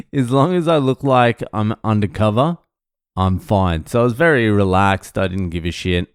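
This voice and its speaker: Aussie guy rambling a sweary story, smooth voice, dry close sound. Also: low voice, no echo. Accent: Australian. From Australia. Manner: sweary, self-mocking anecdote with laughs. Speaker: vlogger. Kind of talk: casual storytelling.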